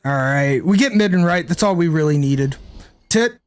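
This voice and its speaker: A young man with a fairly high voice streams a card game and talks casually the whole time. He thinks his plays through out loud and keeps answering his chat. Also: a little fast. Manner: chatty, thinks aloud, reads and answers chat. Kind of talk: casual live-stream commentary.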